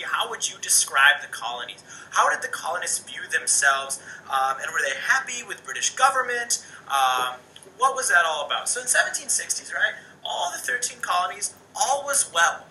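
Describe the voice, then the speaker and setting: Animated man teaching in an echoey room. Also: on the high side, far from the mic, slight background noise. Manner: animated, conversational, many "um"s and "right?". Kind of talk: recorded homework lesson, study guide review.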